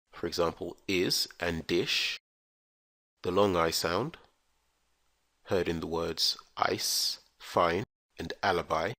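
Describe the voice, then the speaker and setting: An English teacher with a very low, gravelly voice leads a scripted pronunciation lesson, speaking slowly and carefully enunciating every letter and sound. His tone is bright and forceful, and the recording is dry, close, and free of echo.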